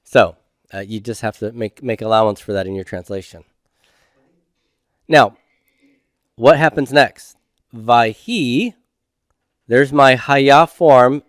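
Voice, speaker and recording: A middle-aged man gives a recorded grammar lecture, steady and patient, often posing a question and answering it himself. His voice is smooth and resonant and sits in an ordinary middle pitch. The sound is dry and close, with no room echo. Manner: patient, asks students questions then answers them himself. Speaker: Hebrew grammar teacher.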